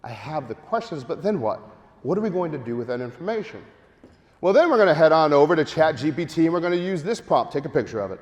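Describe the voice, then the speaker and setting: A man giving a lively marketing seminar to a live audience, joking and urging the crowd to take part. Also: on the high side, quick pace. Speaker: speaker at a marketing event. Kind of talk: energetic live seminar talk. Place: large hall with audience. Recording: long hall reverb.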